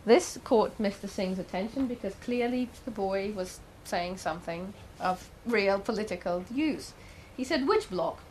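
A woman's voice: mid-range voice, unhurried, hardly any pauses, background noise. Woman telling a story in a talk. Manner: conversational, asks the audience questions. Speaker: speaker giving a talk. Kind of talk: storytelling lecture.

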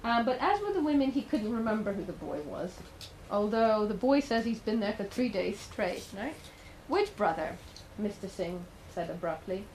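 A woman's voice: mid-range voice, sing-song, moderate pace, hardly any pauses, a little mellow, a little hiss or hum, low-quality recording. A woman giving a talk, telling a story in a conversational way with the odd filler and questions to the audience. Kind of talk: storytelling lecture.

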